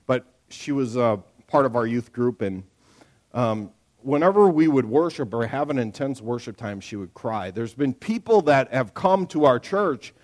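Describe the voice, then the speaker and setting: A middle-aged man preaching to his church in a loose, conversational way. He tells everyday stories, acts out the voices of the people in them, and keeps checking in with the room with a quick "right?". His voice sits at an ordinary middle pitch. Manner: animated storyteller, acts out quotes, frequent "right?"; lively conversational sermon delivery. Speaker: pastor. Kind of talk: sermon.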